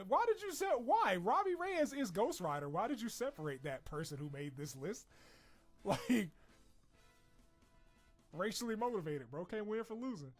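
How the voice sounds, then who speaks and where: A young man chatting casually on a stream in a loose, profane, jokey way, breaking into laughter. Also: on the high side. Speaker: streamer reacting to a character wishlist. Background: video game music playing.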